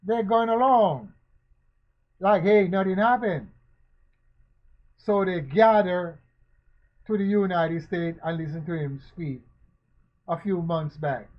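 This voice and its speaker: A man giving spoken commentary, asking questions again and again and preaching in a slow, emphatic way. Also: sits high. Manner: rhetorical, repetitive questioning. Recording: dull lo-fi recording.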